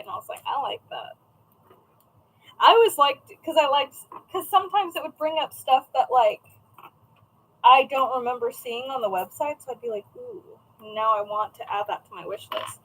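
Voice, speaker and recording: Higher-voiced woman, thirties, rambly live stream chat from her desk at home, says hi to the chat by name. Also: a bit bright, low-quality recording. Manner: chatty and rambling, greets chat viewers by name. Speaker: craft shop owner streaming live. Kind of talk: casual livestream chat. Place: at home, indoors. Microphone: camera set up at a desk.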